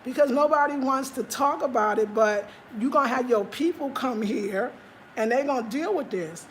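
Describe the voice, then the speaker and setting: Chatty woman host, slightly high voice. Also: moderate pace, a little hiss or hum. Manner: candid, animated, talks straight to viewers. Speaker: livestream host. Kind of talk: casual chat reading viewer comments. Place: home in Ghana.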